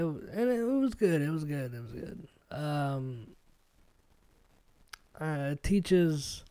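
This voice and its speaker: A man in his thirties, a podcast host, chatting casually in a rambling, profane, animated way. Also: medium pitch. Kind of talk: casual chat.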